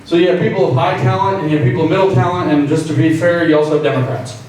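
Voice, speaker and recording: Man, public speech, joking tone, slightly high voice, far from mic, very echoey room. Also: fairly even intonation, racing. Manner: joking and conversational, acting out quoted voices. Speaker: invited speaker. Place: meeting room with an audience. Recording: very echoey room, distant mic, faint noise.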